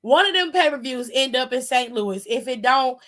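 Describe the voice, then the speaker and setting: Animated, profane high-voiced woman from Cleveland. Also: moderate pace. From Cleveland, Ohio. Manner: animated, profane, laughing, exaggerated outrage. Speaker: wrestling aftershow host. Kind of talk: casual chat.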